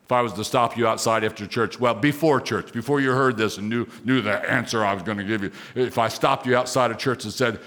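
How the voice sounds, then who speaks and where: A man's voice: fairly low pitch, fast, hardly any pauses, fairly bright tone. Emphatic preaching man. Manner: emphatic, repeats key phrases, rises sharply on exclamations. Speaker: pastor. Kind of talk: sermon.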